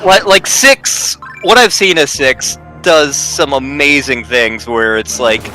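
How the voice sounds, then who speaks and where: A man from Virginia co-hosting a game stream, chatting and rambling with quick jokes. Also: mid-range voice, sharp tone, faint music behind. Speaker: co-host. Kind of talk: casual chat while streaming a game.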